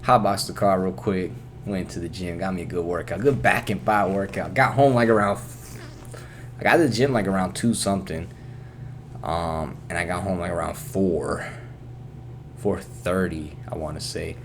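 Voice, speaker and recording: Laid-back, low-voiced man chatting in a vlog. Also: normal speed, a little hiss or hum. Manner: laid-back, profane, loose storytelling. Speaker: vlog host. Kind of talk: casual rambling vlog chat. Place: his apartment bedroom.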